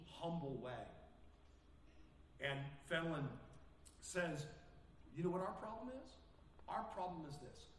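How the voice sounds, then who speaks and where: A male pastor preaching a sermon earnestly, acting out quoted voices with sudden rises in pitch. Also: echoey room, distant mic, a little hiss or hum.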